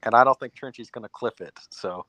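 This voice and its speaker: A man's voice: medium pitch, fairly quick, pushed and bright, no echo, dull audio. A man hosting a live stream in casual chat, teasing a guest and often repeating his words.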